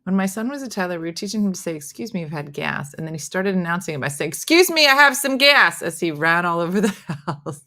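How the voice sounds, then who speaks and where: A middle-aged woman with a lowish voice talks fast while hosting a casual morning chat show and reading viewer comments. She's animated, spinning family stories and acting out the voices of the people in them.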